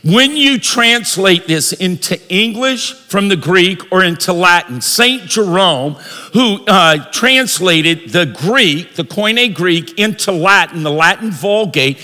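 Pastor guy preaching loud, sharp forceful tone, shouts now and then, big echoey church. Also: high voice, expressive, slow pace. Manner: preaching with call-and-response, rising to shouts. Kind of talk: sermon. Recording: long reverb of a large hall.

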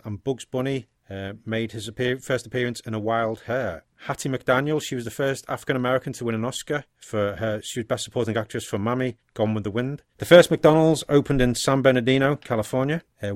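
A man co-hosting a casual film podcast, relaxed and rambling, thinking aloud with fillers. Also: mid-range voice, no room sound, clean studio sound. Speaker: podcast co-host.

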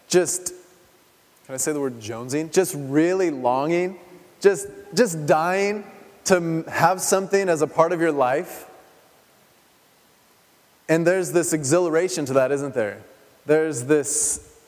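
Male pastor, slightly high voice, chatty sermon style full of rhetorical questions, long church-hall reverb. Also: darkish tone. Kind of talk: conversational sermon.

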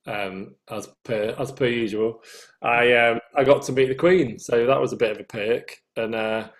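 A man's voice: medium pitch, steady tone, moderate pace. A man with a Northern English accent, a singer telling anecdotes as an interview guest and laughing at his own stories. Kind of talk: casual anecdotal chat.

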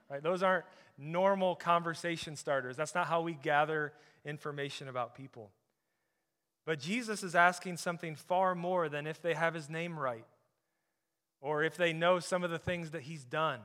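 A man preaching a sermon as pastor, emphatic, often dropping to a soft, intense tone on key points. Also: fairly high pitch, fairly even intonation, normal speed.

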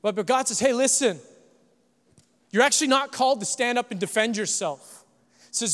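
A very high-pitched man preaches in a church, his voice trailing a long reverb through the hall. He swings from hushed, earnest phrases to shouted ones and slips in quick jokes to the congregation. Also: lively intonation. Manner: jokey asides to the congregation. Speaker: pastor. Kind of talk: sermon.

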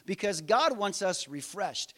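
A man's voice: high voice, very animated, a little slow, a bit bright. A middle-aged man preaching a conversational sermon, asking his listeners rhetorical questions. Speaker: pastor.

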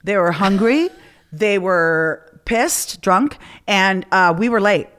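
A middle-aged woman hosting a podcast, telling stories in casual chat with lots of swearing and an animated delivery. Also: mid-range voice, takes it slowly, smooth. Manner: profane, animated storyteller. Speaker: podcast host.

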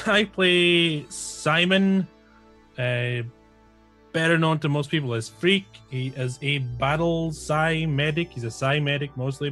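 A man player introducing himself and his character in a relaxed, joking way. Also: a little high. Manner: relaxed, joking, plugging the show. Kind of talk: casual chat.

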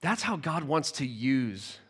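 A man preaching a sermon, telling a story with animated storytelling and frequent word repeats. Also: mid-range voice, takes it slowly, husky. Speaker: pastor.

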